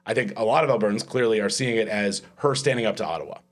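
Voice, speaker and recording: A man's voice: on the low side, fast. A man hosting a casual political panel podcast, making long run-on points and swearing freely. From Canada. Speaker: podcast host.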